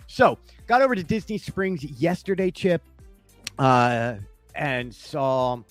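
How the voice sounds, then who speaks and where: A man co-hosting a podcast at home, chatting casually and rambling, with frequent laughs. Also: on the high side. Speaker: podcast co-host. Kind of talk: casual chat.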